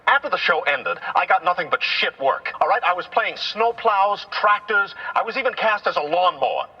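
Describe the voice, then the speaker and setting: A man voicing a fiercely loyal, hot-tempered male talking car in a comedy sketch, with a husky voice. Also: high-pitched, lively intonation, moderate pace, dull audio, soft background music, heavily acted. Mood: indignant. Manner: emotional, then furious and shouting.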